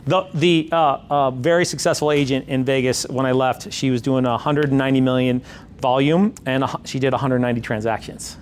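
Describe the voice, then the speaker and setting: A man's voice: medium pitch, steady tone, fairly quick, a little hiss or hum. A middle-aged man as a sales coach, talking emphatically and repeating his points in a coaching session.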